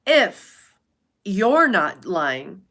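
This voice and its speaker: A woman's voice: mid-range voice, sing-song, extremely slow, a bit bright. Brief: woman livestream host, casual chat, blunt and profane, talks straight at viewers by name. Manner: blunt and profane, chatty, reads out viewer names.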